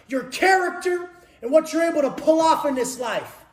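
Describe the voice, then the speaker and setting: A man giving a profane, aggressive motivational rant, taunting his listeners and often shouting. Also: extremely high pitch, very animated, moderate pace. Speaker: motivational speaker. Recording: echoey room.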